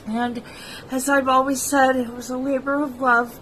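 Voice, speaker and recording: A middle-aged woman hosting her own vlog, talking to her viewers in a slow, soft-spoken and personal way. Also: high voice, little pitch movement, a little hiss or hum, poor audio. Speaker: vlog host. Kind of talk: heartfelt personal vlog talk.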